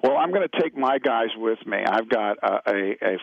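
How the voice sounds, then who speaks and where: A man's voice: lowish voice, animated, normal speed, vocal fry, dry recording. A middle-aged man from California, a guest actor telling rambling, laid-back anecdotes in a radio interview. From California, USA. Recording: dull lo-fi radio audio.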